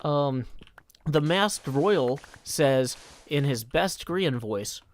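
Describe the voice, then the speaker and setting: Lively, chatty male streamer. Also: fairly high pitch, slow pace. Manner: chatty, jokey, reads viewer messages aloud. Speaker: live streamer. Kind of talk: casual live-stream chat while gaming.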